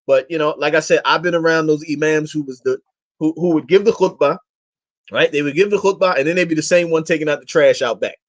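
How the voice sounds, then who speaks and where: Male interview guest, rapid delivery, impassioned and slangy, exhorting. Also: fairly high pitch. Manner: impassioned, exhorting his listeners; slangy and emphatic. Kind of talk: casual interview talk.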